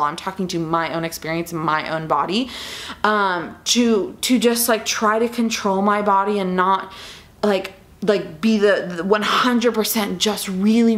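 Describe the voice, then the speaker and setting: A pregnant young woman talking through a casual question-and-answer vlog, emotional and teary, with lots of fillers and restarts. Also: medium pitch. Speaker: vlogger.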